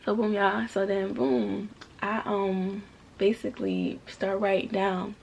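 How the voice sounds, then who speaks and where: Gravelly-voiced young woman telling a story. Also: mid-range voice, slow pace, background noise. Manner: animated, talks straight to viewers, faith-filled testimony. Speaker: vlogger. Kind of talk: casual storytelling to viewers.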